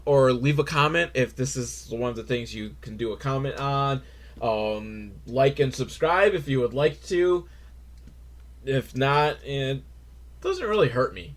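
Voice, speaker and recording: A man hosting a comedic movie review podcast, talking in an animated way that swings from loud excited bursts to low mumbled asides. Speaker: podcast host.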